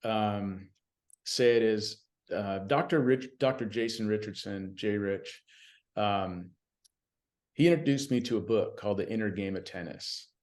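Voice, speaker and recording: A man telling stories as a guest in a casual podcast conversation, animated and chatty, often saying "you know what I mean.". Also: lowish voice, unhurried. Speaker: podcast guest, BMX announcer.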